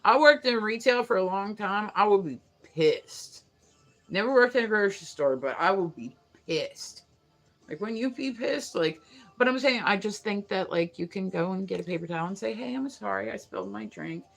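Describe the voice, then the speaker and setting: A woman's voice: medium pitch, animated, normal speed, faint music behind. A woman hosting a casual morning livestream, rambling through stories with lots of fillers and laughing at herself. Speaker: livestream host.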